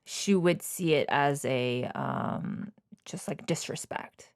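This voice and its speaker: Animated young woman, dry close mic. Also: low voice, takes it slowly, no echo. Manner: animated, acts out quoted lines in a raised voice. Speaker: podcast co-host. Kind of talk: casual chat.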